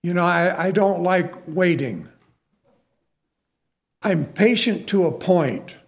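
A man's voice: sits high, expressive, slow pace, vocal fry. A middle-aged man preaching a sermon in a conversational, self-deprecating way, full of asides to the listeners.

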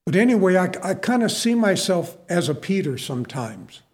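A man's voice: high voice, very animated, moderate pace, a little mellow. A middle-aged man preaching a sermon in a conversational, self-deprecating way, full of asides to the listeners.

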